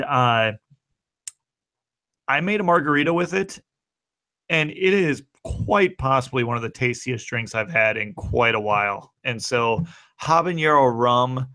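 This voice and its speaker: A man's voice: medium pitch, pushed and bright, no room sound. A man co-hosting a podcast, chatting casually with a dry, wry humor. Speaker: podcast co-host. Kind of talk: casual chat.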